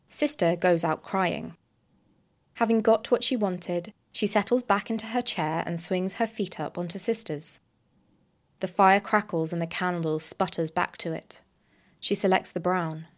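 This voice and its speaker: A woman author reading her own short story aloud and talking about her writing. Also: on the low side.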